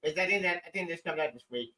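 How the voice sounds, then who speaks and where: A man's voice: on the high side, quick pace. A man co-hosting a casual comic book discussion, blunt and scornful in his opinions. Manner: blunt, scornful, animated complaints. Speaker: podcast co-host.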